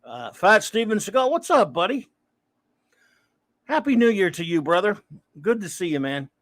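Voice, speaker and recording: A man's voice: high-pitched, sing-song, normal speed, fairly bright tone, dry recording. A man hosting a casual livestream, rambling and greeting viewers by name as he reads the chat. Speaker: livestream host. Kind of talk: casual live-stream chat, reading chat aloud.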